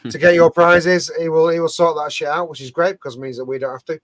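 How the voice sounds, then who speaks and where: A man's voice: a little high, level tone, fast, fairly bright tone, no echo. A man co-hosting a rowdy show among friends, giving a sweary, rambling sign-off full of fillers. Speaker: podcast co-host.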